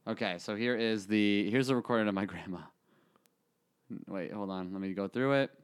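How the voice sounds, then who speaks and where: A man's voice: fairly low pitch, moderate pace, clear, resonant tone. A young man co-hosting a podcast, talking in an earnest, rambling way and laughing often. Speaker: podcast co-host. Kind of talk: casual comedic chat.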